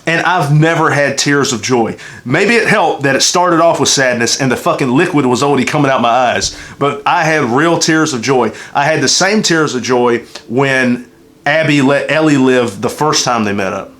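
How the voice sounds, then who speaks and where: A man's voice: mid-range voice, moderate pace, fairly bright tone. A man with a Southern US accent hosting a casual game review chat, rambling, emotional and swearing constantly. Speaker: channel host reviewing a game. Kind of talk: casual unscripted review chat, heavy profanity.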